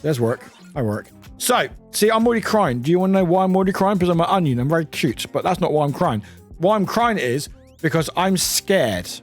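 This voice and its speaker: British male streamer, high animated voice, casual and sweary. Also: fairly quick, soft background music. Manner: chatty, swears a lot, laughs often. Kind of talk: casual live-stream chat.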